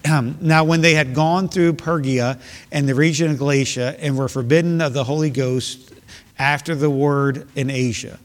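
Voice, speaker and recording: A man preaching a sermon as pastor, earnest and emphatic, repeating key phrases for stress. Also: medium pitch. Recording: long hall reverb.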